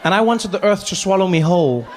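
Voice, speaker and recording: Animated South African comedian, high voice. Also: male voice, fast talker, in a large hall, noisy background. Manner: animated, self-mocking, rising to near shouts. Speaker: stand-up comedian. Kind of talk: stand-up comedy storytelling.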